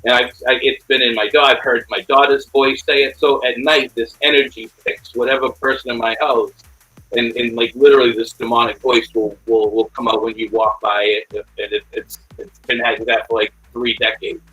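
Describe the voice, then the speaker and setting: Halting, husky middle-aged podcast host. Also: male voice, medium pitch, level tone, pushed and bright, faint music behind, poor audio. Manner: halting, repeats words, earnest. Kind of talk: casual podcast chat.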